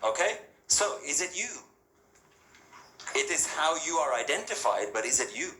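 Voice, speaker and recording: A man's voice: fairly high pitch, very animated, normal speed, bright, forceful tone, a little hiss or hum. A man giving an interactive talk to a live audience, talking casually and asking them questions, often checking in with "yeah?". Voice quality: conversational, rhetorical, frequent "yeah?" and "right?" check-ins. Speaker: spiritual speaker addressing an audience. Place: hall with an audience. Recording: echoey hall with faint ambience.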